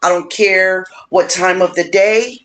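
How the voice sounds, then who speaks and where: A middle-aged woman hosting a casual livestream, warmly encouraging her viewers and talking to them directly. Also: a little slow. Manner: warm, encouraging, animated with big pitch swings; playful, addresses viewers directly. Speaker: livestream host.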